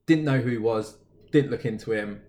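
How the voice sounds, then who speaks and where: A man's voice: mid-range voice, normal speed, a little mellow. Easygoing male podcast co-host. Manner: easygoing, full of agreeing fillers. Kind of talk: casual chat.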